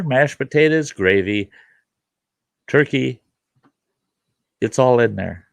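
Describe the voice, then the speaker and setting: A man hosting a casual show tells folksy stories slowly, in an animated, creaky voice of medium pitch. He laughs often and acts out quoted voices. The recording has no room sound.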